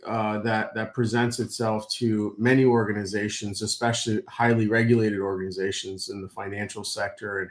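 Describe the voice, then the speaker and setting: Male co-host talking things through at length, full of fillers, in an echoey room. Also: lowish voice. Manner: rambling, many fillers and restarts. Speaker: co-host, company founder. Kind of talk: explaining at length.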